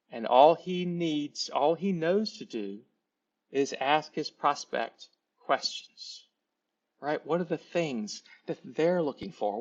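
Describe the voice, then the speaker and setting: Male sales trainer, folksy storyteller. A touch high, muffled sound. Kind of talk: storytelling lesson.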